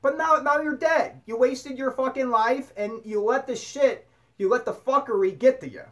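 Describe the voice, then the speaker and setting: A woman giving a blunt spiritual monologue, swearing freely and preaching with animated force. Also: high-pitched, moderate pace. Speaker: spiritual talk host.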